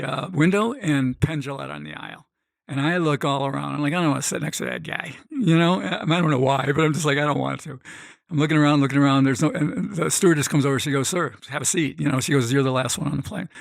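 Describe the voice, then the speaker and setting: A middle-aged man tells a story with animated energy, jumping into the voices of the people he quotes. His voice sits a little high and has a gravelly edge, and the sound is dry and close. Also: fast talker, dry recording. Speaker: guest, gambling expert. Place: podcast studio.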